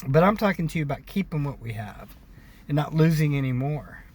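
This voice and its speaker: A man's voice: on the high side, lively intonation, a little fast, a little mellow, breathy edge. A man from the United States giving a ranting, repetitive opinion monologue to his viewers, calling them brothers and sisters. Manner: ranting, preachy, repeats himself. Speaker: video blogger. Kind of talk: casual opinion monologue to camera.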